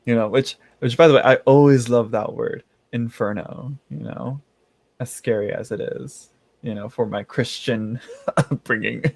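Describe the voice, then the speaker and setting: A man's voice: medium pitch, steady tone, measured pace, gravelly, a little mellow, no echo. A man hosting a casual livestream, chatting with his viewers in a rambling way, laughing often and restarting his sentences. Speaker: tarot channel host reading live chat.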